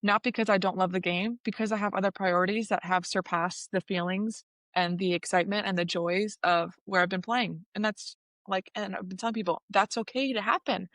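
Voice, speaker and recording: A woman's voice: medium pitch, fairly even intonation, fairly quick, a bit bright, no room sound. Earnest woman coach reflecting. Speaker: softball coach and player, guest. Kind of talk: casual interview chat.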